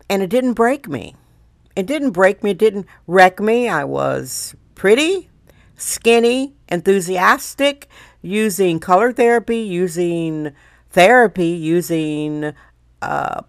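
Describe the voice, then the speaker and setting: An older woman from Wisconsin hosting her own podcast, chatting in a playful, theatrical way with big swoops in pitch. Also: no room sound, clean studio sound. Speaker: podcast host. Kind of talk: casual solo podcast monologue.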